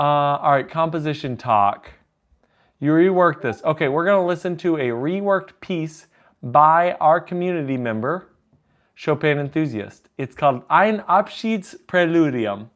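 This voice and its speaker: A man live-streaming at the piano, chatting casually, reading chat aloud and joking while taking song requests. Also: on the high side. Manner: chatty, reads chat aloud, jokey asides. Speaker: livestreaming pianist taking requests. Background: piano music.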